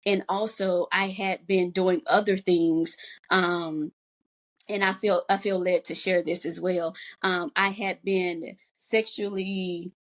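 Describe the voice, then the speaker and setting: A woman's voice: on the low side, steady tone, slow. Woman sharing an earnest faith testimony. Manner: earnest, emotional storytelling with faith language. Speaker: guest. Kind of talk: personal testimony in a podcast chat.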